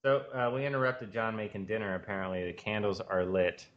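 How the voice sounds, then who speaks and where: Man, podcast co-host, low voice, joking, rambling. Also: fairly even intonation, brisk, muffled recording. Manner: joking, rambling, riffs on words. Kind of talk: casual comedic chat.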